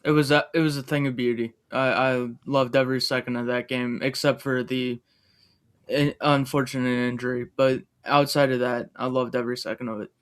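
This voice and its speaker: A man with a smooth, clear voice chats about soccer on a podcast. He sounds upbeat and often restarts his sentences as he talks. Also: medium pitch, flat delivery, fairly quick. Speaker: podcast co-host. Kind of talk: casual sports podcast chat.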